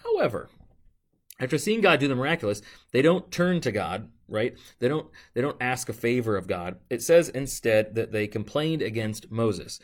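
A man's voice: mid-range voice, very animated, moderate pace. Conversational male pastor preaching. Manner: conversational, asks "right?" often, acts out complaints in a mocking voice. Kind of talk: sermon.

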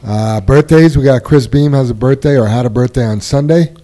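A man's voice: mid-range voice, brisk. A man hosting a casual workplace podcast, reading out new hires, anniversaries and birthdays. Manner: relaxed, reads names and shout-outs. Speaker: podcast host reading announcements.

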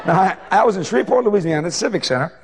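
A man preaching a sermon as an evangelist, telling folksy anecdotes in an animated way. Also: sits high, racing. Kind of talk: sermon storytelling.

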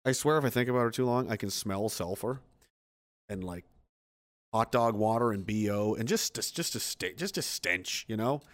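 A man's voice: on the low side, animated, moderate pace. A man hosting a casual livestream, reading viewer comments aloud and answering with blunt, profane, exasperated rants.

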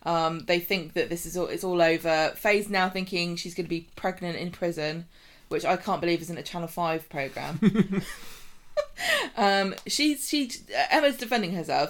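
A woman's voice: fairly low pitch, fairly bright tone. A woman co-hosting a casual podcast, retelling scenes with lots of fillers. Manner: chatty, lots of fillers, acts out quotes. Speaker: podcast co-host. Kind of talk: casual recap chat.

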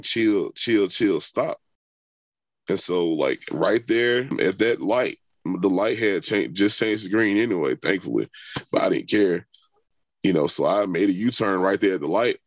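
Man, very deep voice, dry close sound, rambling, lots of fillers, telling a personal story. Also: no echo. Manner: rambling, many fillers and restarts. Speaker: interviewee. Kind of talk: conversational storytelling.

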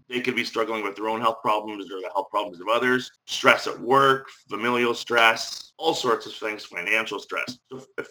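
A man's voice: mid-range voice, poor audio. A man from Northern Ireland with a faint Irish accent, telling stories with wry humor as a guest in a casual interview. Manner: warm storytelling, wry humor. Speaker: podcast guest.

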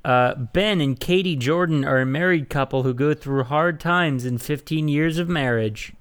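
Smooth-voiced joking podcast host man. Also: a little high, normal speed, hardly any pauses, a bit bright. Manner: rambling, joking, many fillers. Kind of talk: casual movie podcast chat.

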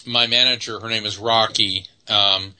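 A man's voice: fairly low pitch, steady tone, normal speed, pushed and bright, clear, resonant tone, low-quality recording. A man, a psychic guest from Florida, telling stories earnestly in an interview with many fillers. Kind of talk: storytelling in an interview.

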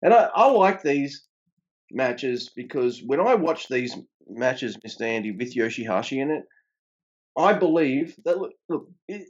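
Animated swearing man, dull lo-fi sound. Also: measured pace. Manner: animated, swearing, pitch jumps up when emphatic. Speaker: podcast co-host reviewing wrestling. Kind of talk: casual profane chat.

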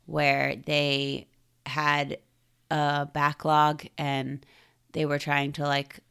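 Female co-host, teasing and playful, slightly low voice. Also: monotone, drawn-out words, vocal fry, a bit bright, clean tone. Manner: playful, teasing, laughs often. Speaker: podcast co-host. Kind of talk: casual chat about comics.

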